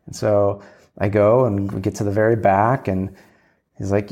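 A man's voice: lowish voice, little pitch movement, moderate pace, vocal fry, darkish tone. A man telling a rambling, candid story in a casual monologue, acting out bits of dialogue and swearing freely.

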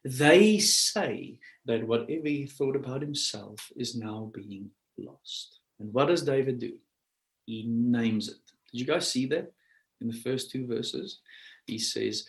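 A man, a pastor, teaching through a Bible passage over a shared screen, dwelling on word meanings one phrase at a time and rising into loud, high emphasis when he preaches. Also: a little slow, vocal fry, roomy sound.

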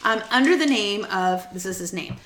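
With a medium pitch, lively intonation and a fairly bright tone, a young podcast host recounts a true crime case at a moderate pace. Her style is playful and teasing as she quizzes her co-host in relaxed storytelling conversation, recorded in an echoey space with faint noise.

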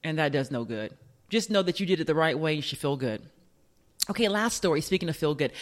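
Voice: mid-range voice, moderate pace, pauses often. A radio show host in casual commentary, chatty and joking, firing off rhetorical questions.

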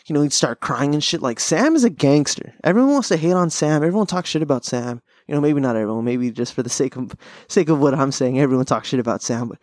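A man's voice: a little high, darkish tone, no room sound, clean studio sound. A young man hosting a podcast, chatting casually in a rambling, profane way, laughing often. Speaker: podcast host. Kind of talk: casual chat.

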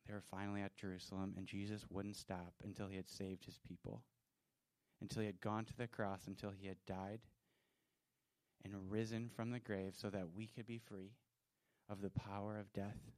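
A man's voice: fairly low pitch, flat delivery, normal speed, a little mellow, no echo. A man telling a Bible story dramatically to children in a church, his voice swelling with feeling.

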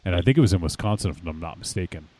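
A man's voice: low-pitched, lively intonation, very fast, noisy background. A man hosting a podcast in loose, casual banter, laughing often and swearing freely. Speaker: podcast host.

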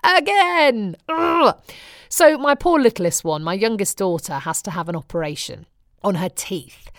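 A woman's voice: lowish voice, expressive, moderate pace, dry recording, clean studio sound. A middle-aged British woman, a radio presenter, telling chatty personal stories in a wry, humorous way. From Britain. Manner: wry, chatty storytelling with frequent laughs. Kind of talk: chatty personal diary monologue.

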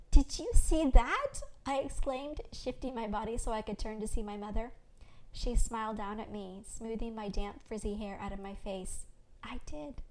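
Gentle woman host reading a story. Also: medium pitch, a little hiss or hum, low-quality recording. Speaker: podcast host. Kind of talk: reading her own fiction aloud.

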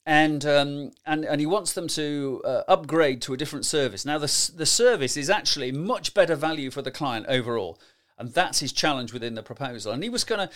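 A middle-aged man gives lively, emphatic podcast advice on presenting, often tagging his points with rhetorical questions. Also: fairly high pitch, fairly quick. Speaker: presentation skills coach. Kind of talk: solo podcast advice talk.

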